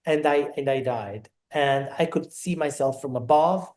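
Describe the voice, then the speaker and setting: A man's voice: medium pitch, unhurried. A middle-aged man from Naples, a podcast guest telling a personal story and acting out the dialogue as he goes. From Naples, Italy. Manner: animated, acts out quoted dialogue.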